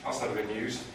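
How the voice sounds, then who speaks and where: A man giving grumbling, deadpan travel commentary outdoors, moaning and complaining as he goes. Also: medium pitch, heavy background noise. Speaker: traveling presenter.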